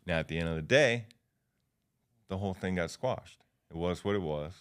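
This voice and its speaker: A man's voice: low-pitched, moderate pace, fairly bright tone, smooth. A man in his fifties, a podcast guest, telling stories in a loose, slangy way with lots of fillers. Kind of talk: casual storytelling.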